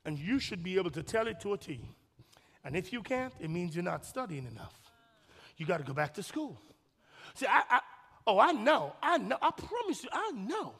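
A man's voice: very high-pitched, big pitch swings, moderate pace, vocal fry, pauses often, bright, forceful tone. A man preaching a sermon as pastor, emphatic and folksy, repeating his points and speaking directly to the congregation. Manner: folksy and humorous. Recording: long hall reverb.

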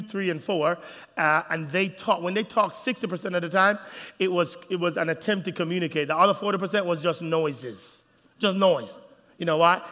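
A man preaching a sermon to a crowd of couples, animated, calling out to the men and acting out little scenes. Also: sits high. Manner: animated, acts out voices, calls out to the crowd. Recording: reverberant hall.

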